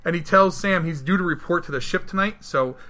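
A man recapping a movie in casual chat, animated and acting out the characters' lines. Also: a little fast. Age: adult, married. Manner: animated, acts out quotes with big jumps in pitch. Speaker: podcast co-host reviewing a film.

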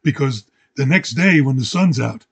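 A man's voice: mid-range voice, expressive, moderate pace, vocal fry, breathy edge. A man co-hosting a podcast in casual chat, mostly adding short agreeing remarks. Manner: brief agreeing interjections. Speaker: podcast co-host. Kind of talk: casual movie-review chat.

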